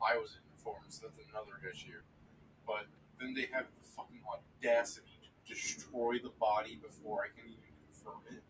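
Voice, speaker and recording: A man's voice: mid-range voice, a bit bright, slight background noise, rough recording. Profane joking game master man. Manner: profane, joking, quick switches into characters. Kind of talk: running a tabletop game over a stream.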